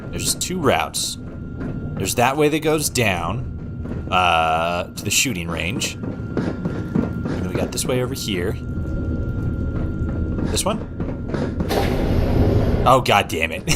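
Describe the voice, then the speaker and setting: Over loud music, a young Oregon man talks slowly in a sing-song, medium-pitched voice with long pauses. He's live-streaming a game, chatting casually, and swears and laughs a lot.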